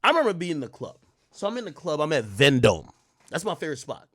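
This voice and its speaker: A man in his thirties, a streamer host, telling a story in casual, profane street slang, jumping from loud bursts to muttered asides. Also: a little high, very animated, fast talker, no echo, studio quality.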